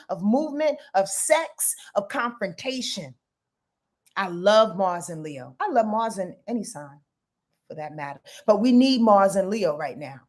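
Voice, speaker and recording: Female astrologer, fairly high voice, lively and emphatic, drops profanity, talks right to the audience. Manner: animated, emphatic, profane, talks to viewers directly. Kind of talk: casual astrology forecast livestream.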